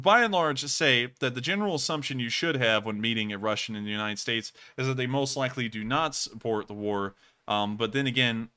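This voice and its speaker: Male live-stream news host, earnest and rambling, bright, crisp voice. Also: mid-range voice. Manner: earnest, talks in long run-on explanations.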